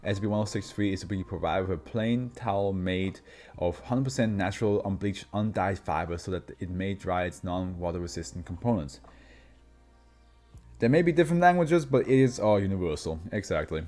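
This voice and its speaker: A man's voice: low-pitched, brisk, a little mellow. A man from Switzerland, a Swiss German native speaker, reads horror fiction files aloud and breaks off into rambling chat, laughing often. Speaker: channel host. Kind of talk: reading horror fiction files with chatty asides.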